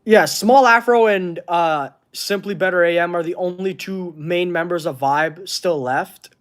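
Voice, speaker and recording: A man chats on a live stream, reading out viewer comments. He talks earnestly, stopping and restarting as he hunts for the right words. It sounds like a streaming mic at his desk. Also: high voice. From Canada. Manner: halting, searching for words, earnest. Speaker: wrestling channel host. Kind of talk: casual livestream chat reading comments.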